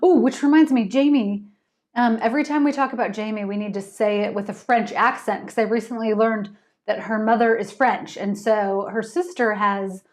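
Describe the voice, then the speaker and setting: A woman's voice: a little high, steady tone, normal speed. A woman author hosting a casual livestream, chatting with viewers and laughing often.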